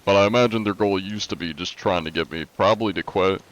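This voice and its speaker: A man's voice: low voice, fast, rough recording. A young man streaming live, chatting casually and answering chat with a laid-back, rambling manner, his nose congested from allergies.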